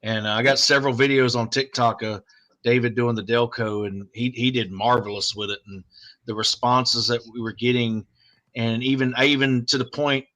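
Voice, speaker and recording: Brief: mid-pitched male paranormal investigator, matter-of-fact, teasing. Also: steady tone, moderate pace, a bit bright. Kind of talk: casual podcast chat.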